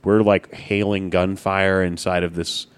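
Man, lowish voice, casual podcast chat, animated storyteller. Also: measured pace, smooth. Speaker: podcast co-host.

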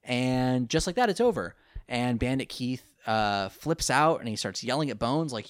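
A man's voice: mid-range voice, normal speed, clean tone, no echo, studio quality. A man casually recapping a cartoon episode, rambling and acting out the characters' lines. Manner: rambling, animated retelling with put-on quotes. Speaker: podcast co-host recapping a cartoon. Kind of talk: casual chat.

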